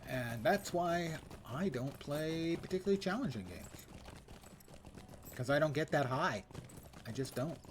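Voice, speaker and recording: A man's voice: on the high side, big pitch swings, measured pace, long pauses, a little hiss or hum. An older man streaming a game, giving casual, wry, self-mocking commentary and reading quest text aloud.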